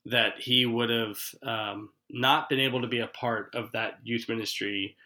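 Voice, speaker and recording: A man's voice: medium pitch, steady tone, measured pace, sharp tone, poor audio. A man hosting a podcast conversation in an earnest, reflective way, retelling stories with quoted dialogue. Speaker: podcast host. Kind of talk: casual conversational interview.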